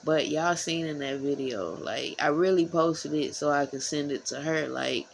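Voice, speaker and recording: A woman talking casually to her followers, rambling and repeating herself. She swings from low murmurs to heated, profane bursts. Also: normal speed, vocal fry, a little hiss or hum, low-quality recording. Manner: frank and profane. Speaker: vlogger.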